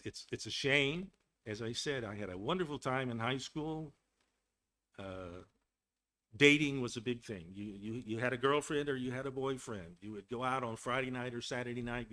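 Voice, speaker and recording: Older guy from texas on a video call, bright tone, kinda rambly with lots of restarts, keeps clearing his throat. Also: mid-range voice. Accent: none, general American. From Texas, United States. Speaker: webinar guest speaker. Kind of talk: casual lecture.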